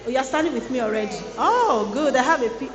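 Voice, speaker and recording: A woman's voice: high-pitched, expressive, quick pace, crowd noise. Playful woman preaching in a hall. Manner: playful, teasing the audience. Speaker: guest speaker at a student boot camp. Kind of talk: lively motivational sermon. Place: large hall. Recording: echoey large hall.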